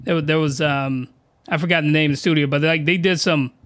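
A man hosting a solo podcast, ranting in slangy, excitable bursts and shouting when he gets worked up, close to his desk microphone. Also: a little high, a little fast. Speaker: podcast host reviewing anime. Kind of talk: animated solo podcast rant.

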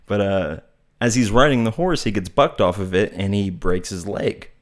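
A man's voice: on the low side, moderate pace. A man giving a casual, reflective talk, telling a parable in a meandering, thoughtful way and searching for his words. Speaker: speaker on non-duality.

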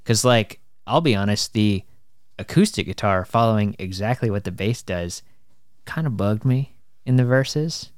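Blunt, animated man, swearing often. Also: on the low side, normal speed, no echo, clean studio sound. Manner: blunt, swears, trails off unsure. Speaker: podcast co-host. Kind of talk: casual chat.

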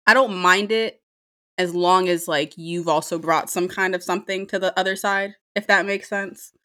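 A young woman telling a story about a date in a casual monologue, lively and profane, laughing often. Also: fairly low pitch, normal speed. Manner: animated, swears freely, laughs often.

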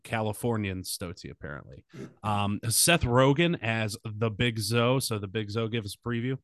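A man's voice: fairly low pitch, animated, normal speed, fairly bright tone, no echo, clean studio sound. A man hosting a casual comedic podcast, rambling through setups with lots of fillers. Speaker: podcast host.

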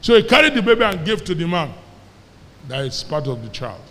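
A Nigerian man preaching a sermon, telling a story with lively quoted dialogue and having the congregation repeat after him. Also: fairly high pitch, fairly quick, big-room sound. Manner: animated storyteller, quoting characters, calling on the congregation to repeat. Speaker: pastor.

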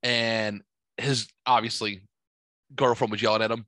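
A man in his forties co-hosting a podcast, telling a profane, animated story and acting out the people in it. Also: on the low side, normal speed, long pauses, no room sound. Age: 40s. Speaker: podcast co-host. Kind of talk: casual storytelling chat.

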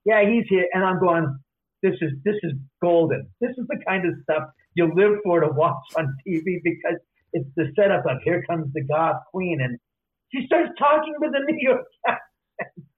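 A man telling stories as an interview guest, lively, acting out the voices of people he quotes. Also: sits high, moderate pace. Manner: animated, acts out quoted voices. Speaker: author and guest. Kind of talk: casual storytelling interview. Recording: tinny phone-line audio.

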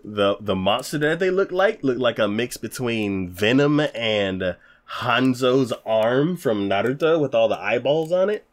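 A man's voice: medium pitch, animated, measured pace. A man in casual chat reviewing an anime, rambling and hesitant with lots of fillers. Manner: rambling, hesitant, many fillers, laughs often.

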